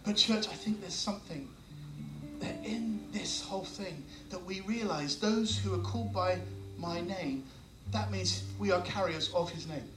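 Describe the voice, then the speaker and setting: A man preaching a sermon as pastor, telling stories with lively laughs. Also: high voice, measured pace, music in the background. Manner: animated storytelling with laughs. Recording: roomy sound from far off mic.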